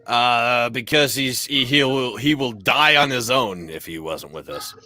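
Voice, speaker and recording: A man's voice: medium pitch, measured pace, sharp tone, slight background noise. A man playing a tabletop game, talking in brash, profane banter. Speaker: player. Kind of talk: tabletop role-play.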